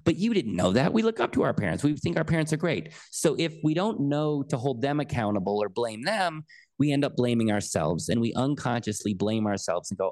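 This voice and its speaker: A man who is a podcast guest and coach, telling a personal story in an earnest, emphatic and animated way. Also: fairly low pitch, fairly quick.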